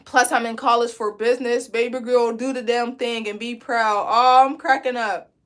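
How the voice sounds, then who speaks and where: A woman, teaching a live braiding class in a loud, chatty, encouraging way. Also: fairly high pitch, level tone, normal speed. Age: 20s. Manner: chatty, encouraging, reads comments aloud. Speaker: braid instructor.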